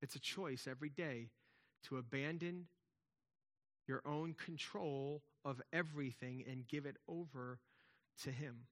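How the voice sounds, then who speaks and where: A man's voice: medium pitch, a little slow, fairly bright tone. A man preaching a sermon in a conversational way, with emphatic swells and frequent restarts. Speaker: pastor.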